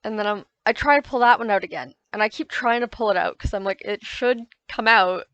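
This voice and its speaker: A woman's voice: medium pitch, fast talker, no echo, dull audio. A woman giving casual, rambling voice-over commentary on her own gameplay, often correcting herself as she recounts her frustrations. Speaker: gaming YouTuber.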